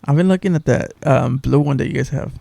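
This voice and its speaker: A man's voice: medium pitch, fast, gravelly, warm tone, dry recording. A man co-hosting a podcast, trading laid-back, slangy banter in casual chat. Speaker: podcast co-host.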